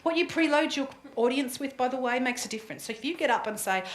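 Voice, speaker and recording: A woman coaching a room full of people in a live workshop, chatty and quick to laugh. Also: sits high. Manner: lively, chatty, laughs easily. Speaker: presentation coach. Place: room with an audience. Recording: echoey room.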